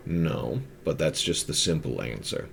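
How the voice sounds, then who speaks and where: A man's voice: extremely low pitch, animated, unhurried, vocal fry, slight background noise, voice pushed down, full character voice. A man voicing a blunt, no-nonsense commander of a besieged town. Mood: curt.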